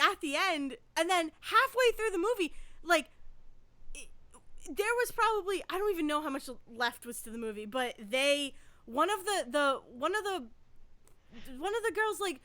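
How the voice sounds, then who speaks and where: High, bright-voiced woman rambling through a story. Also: lively intonation, unhurried, dry recording. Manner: rambling anecdote with frequent swearing and restarts. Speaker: podcast co-host. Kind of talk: casual chat.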